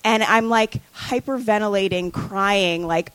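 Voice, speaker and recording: A woman's voice: a little high, a little slow, hardly any pauses, a bit bright, no room sound, poor audio. A woman telling a personal story on a comedy podcast, hesitant and full of ums and likes. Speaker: guest. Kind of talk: casual storytelling.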